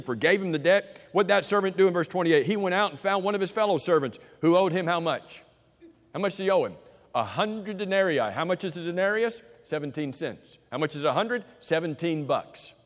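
A man preaching a sermon, asking the congregation rhetorical questions and swinging from loud emphasis to quiet, low delivery. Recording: long hall reverb.

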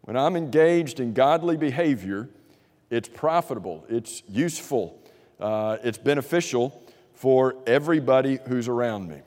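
A man's voice: mid-range voice, expressive, normal speed, darkish tone. Guy teaching bible class, asks the room questions and repeats answers, lots of reverb in the hall. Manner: conversational, with frequent restarts and fillers.

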